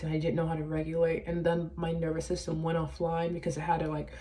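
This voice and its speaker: A woman talking in a casual confessional vlog, halting, with many fillers and restarts. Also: low-pitched, monotone. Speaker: vlogger.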